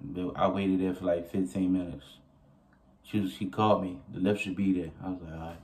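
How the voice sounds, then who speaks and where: A young man telling a story casually to his viewers, animated and profane, often laughing as he goes. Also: deep voice, fairly quick. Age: young adult. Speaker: vlogger.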